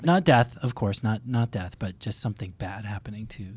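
A man co-hosting a podcast who talks in casual chat, halting and often restarting his sentences. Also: fairly low pitch, expressive, a little mellow, husky, no echo. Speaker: podcast co-host.

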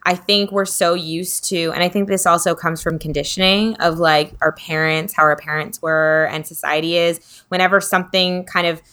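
A woman's voice: on the low side, fairly even intonation, normal speed, hardly any pauses, pushed and bright. A woman talking in a casual, rambling, reflective way, with lots of fillers, as a podcast co-host. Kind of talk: casual spiritual chat.

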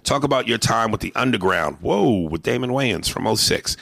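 A man hosting a comedy podcast, telling profane, animated stories in casual chat. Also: mid-range voice, normal speed, creaky, no room sound.

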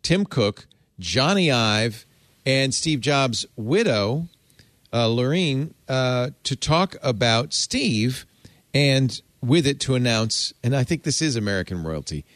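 A man hosting a casual tech podcast, animated and jokey, going soft and low when talking about something personal. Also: slow, dry recording. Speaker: host.

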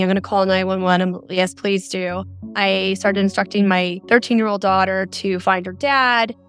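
A woman from the Phoenix area of Arizona, a mother of four, telling a podcast interviewer about a frightening phone call in a detailed, steady way. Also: mid-range voice. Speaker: guest. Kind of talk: interview storytelling.

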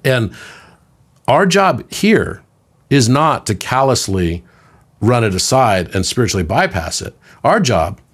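A man's voice: measured pace, slightly rough. A man in his fifties, a podcast guest, talking in a conversational, storytelling way, sometimes doing voices for quoted people. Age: 50s. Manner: animated storyteller, puts on high voices for quoted children.

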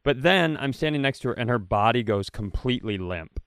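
A man's voice: medium pitch, brisk, smooth, no echo, studio quality. A middle-aged man, a comedian co-hosting a podcast, telling a story casually, acting out quotes with plenty of fillers. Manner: animated, acts out quotes with fillers.

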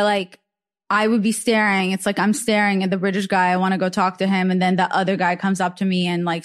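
A young woman hosting a casual chat, telling a long story full of "like" fillers. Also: mid-range voice. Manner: chatty storytelling, many "like" fillers. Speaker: podcast host.

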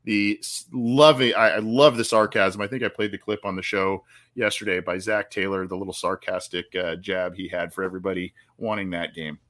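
A man's voice: low voice, fairly even intonation, fairly quick, a bit bright. A man hosting a live sports talk show, upbeat and rambling, often repeating words as he talks. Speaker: podcast host. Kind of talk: casual live-stream chat.

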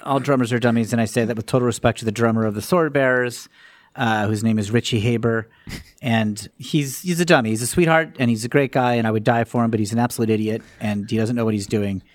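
A man's voice: mid-range voice, quick pace, no echo, close to an everyday voice. A man playing an earnest male church-band guitarist in an improvised comedy bit, rambling and oddly boastful.

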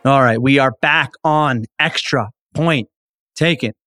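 A man co-hosting a sports podcast, relaxed and steering the conversation to breaks. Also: medium pitch, slow pace, faint music behind. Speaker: podcast co-host. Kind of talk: casual sports podcast chat.

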